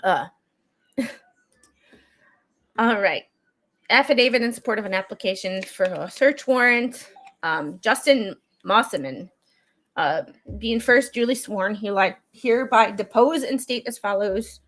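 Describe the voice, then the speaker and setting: A woman's voice: medium pitch, lively intonation, unhurried, pauses often, fairly bright tone. A woman streaming true crime content, reading court documents aloud in a casual, chatty way with frequent asides. She is getting over a cold and coughs now and then. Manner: chatty, digressive, breaks off into asides while reading.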